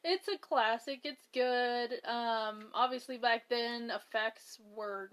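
A woman co-host in a relaxed podcast chat, her voice sitting a little high for a woman. She talks loosely, swears without a second thought, and often laughs between her thoughts. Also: slow.

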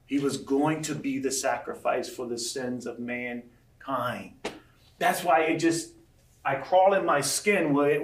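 Man, pastor, sermon, animated, acts out quotes, slightly high voice, distant mic. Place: large room with audience. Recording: echoey room from far off.

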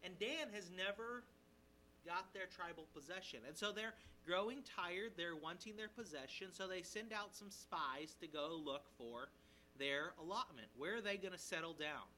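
A male pastor preaching an expository sermon in a conversational, animated way, checking in with his listeners and briefly acting out the characters' lines. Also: high-pitched, poor audio. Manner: animated, voices the characters' lines in quick asides. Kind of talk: sermon, expository Bible teaching.

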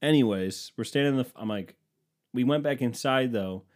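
A man's voice: medium pitch, normal speed, darkish tone, a little hiss or hum. A man telling a comedic story in a casual, rambling way, sarcastic and full of swearing.

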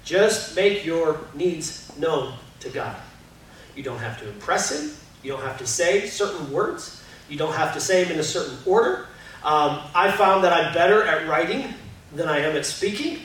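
A man's voice: on the high side, expressive, normal speed, a bit bright. A man preaching a casual, conversational sermon as a pastor in a church auditorium, candid and self-deprecating with lots of fillers. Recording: very echoey hall, voice from far off, faint noise.

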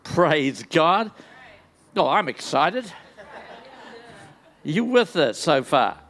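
An older man preaches a sermon in a high voice and at an unhurried, deliberate pace. He is enthusiastic and slips in joking, self-deprecating asides as he speaks to a large church. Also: big pitch swings, a bit bright, a faint crowd. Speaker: guest preacher.

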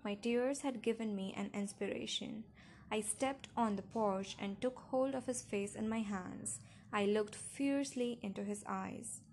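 A woman's voice: mid-range voice, measured pace, darkish tone, a little hiss or hum. A woman narrating a first-person novel in an intimate, emotional storytelling manner. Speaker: audiobook narrator.

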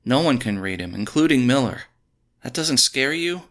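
A man voicing a calm, perceptive woman who reads auras, asking soft, probing questions. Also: medium pitch, normal speed, voice pushed up. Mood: questioning.

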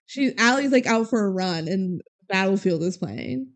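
A young woman co-hosting a podcast, retelling a movie quickly with laughs and mock quotes. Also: mid-range voice, expressive. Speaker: podcast co-host. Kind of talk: casual chat recapping a movie.

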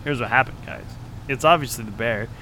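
A man's voice: medium pitch, fairly quick, bright, forceful tone, slight background noise, rough recording. A man co-hosting a podcast, cracking jokes and spinning silly stories in casual banter. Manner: jokey, spins silly stories. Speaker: podcast co-host.

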